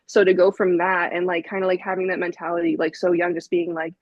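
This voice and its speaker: A woman in her twenties, a podcast guest, telling a story in a casual, animated way, laughing often and using lots of fillers. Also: fairly low pitch, quick pace, no echo, lo-fi sound. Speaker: podcast guest, vinyl collector.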